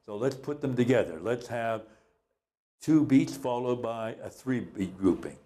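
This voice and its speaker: A man's voice: medium pitch, unhurried, warm tone. A man teaching a recorded music lesson, explaining patiently, repeating key points and counting beats aloud.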